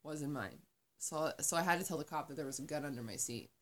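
A woman with a low-pitched voice tells a story in casual, profane chat. She talks in an animated way and curses freely. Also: quick pace. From Arizona.

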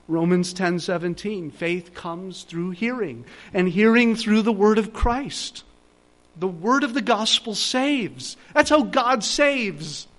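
A man's voice: sits high, a bit bright. A middle-aged male pastor giving a sermon, earnest and pleading, building to emphatic repeated phrases.

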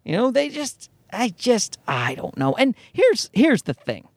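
A man's voice: very high voice, wildly swooping pitch, measured pace, no room sound. A man hosting a comedy podcast, ranting in a worked-up way and swearing freely. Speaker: podcast host.

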